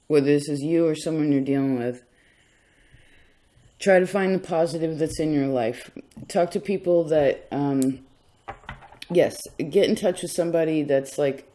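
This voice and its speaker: Casting: man, somewhat high voice, loose conversational tarot reader who wanders off on tangents. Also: warm tone. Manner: rambling, chatty, self-interrupting. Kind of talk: casual tarot reading.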